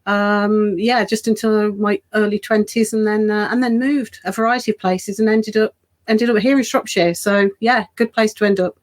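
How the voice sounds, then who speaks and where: A woman's voice: mid-range voice, steady tone, moderate pace. A middle-aged woman with a Birmingham accent, a children's author chatting as a guest, laughing lightly and self-deprecating. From Birmingham, England. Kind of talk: casual interview.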